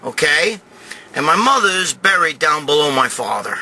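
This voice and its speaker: A middle-aged man with a New York Italian accent telling a crude, rambling comic story, often breaking into shouts. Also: a little high, very animated, moderate pace, poor audio. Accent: New York Italian-American. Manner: profane, rambling, swings to loud shouting. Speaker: show host telling a story.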